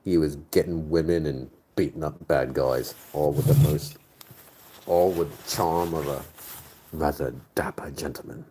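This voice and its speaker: Very deep-voiced crude joking man. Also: steady tone, a little slow, warm tone, slight background noise. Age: 30s. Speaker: streamer reading chat. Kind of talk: casual chat.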